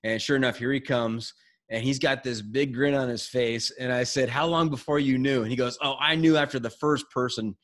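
A man hosts a podcast and spins a hiking yarn in a relaxed, chatty way. He talks quickly, tumbling over his words and restarting sentences as the story runs ahead of him. His pitch sits in an ordinary middle range. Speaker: podcast host. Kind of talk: casual storytelling chat.

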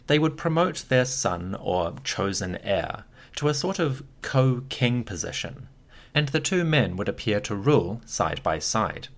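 A man hosting a history podcast, reading a scripted narration with lively storytelling and occasional wry asides. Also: fairly low pitch. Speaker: podcast host.

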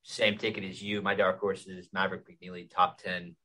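A man's voice: sits low, flat delivery, normal speed, pushed and bright, low-quality recording. A man co-hosting a podcast, steadily going through golf betting picks with frequent "um" fillers.

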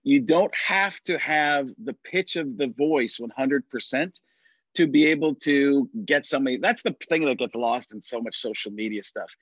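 Man, casual chat, animated storyteller, does impressions, mid pitch, dry close sound. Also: normal speed, no room sound, low-quality recording. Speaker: podcast guest, impressionist.

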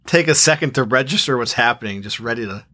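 A man trading casual banter on a podcast, enthusiastic and quick to laugh, with the odd curse word. His voice is a plain middle pitch. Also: animated, bright, forceful tone. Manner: swearing, enthusiastic, laughs often. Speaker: podcast co-host. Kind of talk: casual chat reviewing a movie.

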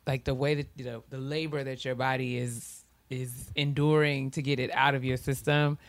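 A woman co-hosting a podcast in relaxed casual chat, laughing along with her friend. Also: rumbling low, moderate pace, dry recording. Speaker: podcast co-host.

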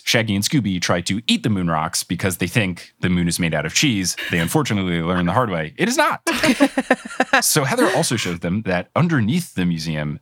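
A man's voice: lowish voice, dry recording, clean studio sound. A man hosting a podcast game, recapping a cartoon mystery in a playful, joking way. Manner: animated, jokey, laughs at own lines. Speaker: podcast host.

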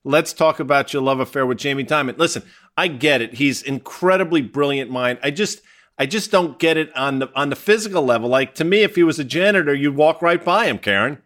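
A man's voice: a little high, brisk, fairly bright tone. A man co-hosting a podcast, joking and teasing his guest in casual conversation. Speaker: podcast co-host.

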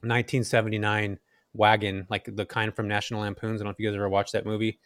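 A man in his thirties from Central Valley, California, a podcast guest telling his story in an animated way and acting out quoted lines. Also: lowish voice, fast talker, no echo, clean studio sound. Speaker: guest, real estate investor.

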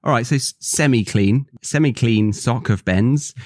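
A man's voice: medium pitch, a little slow, darkish tone, no echo. Chatty English man hosting, dry studio sound. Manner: friendly, asks questions, addresses listeners as guys. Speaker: podcast host and English teacher. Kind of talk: casual educational chat.

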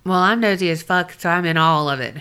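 A woman's voice: on the low side, brisk, sharp tone, smooth. A woman co-hosting a podcast, bubbly and blunt, laughing often. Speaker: podcast co-host. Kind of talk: casual chat.

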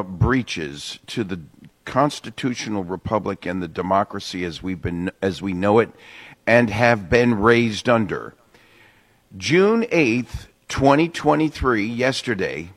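Indignant man guest on talk radio. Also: on the low side. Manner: earnest, indignant, emphatic. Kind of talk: opinionated political commentary.

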